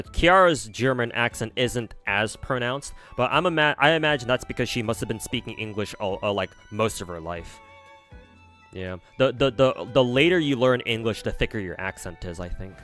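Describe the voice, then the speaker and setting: With faint music behind him, an American streamer rambles through viewer questions, starting over often and dropping casual swears. He sounds expressive and fairly bright at a medium pitch and normal speed.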